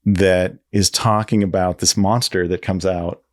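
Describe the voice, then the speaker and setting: A man's voice: low-pitched, flat delivery, a little slow. A man being interviewed as a guest designer, talking in a rambling way and often correcting himself as he tells a story. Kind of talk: casual interview.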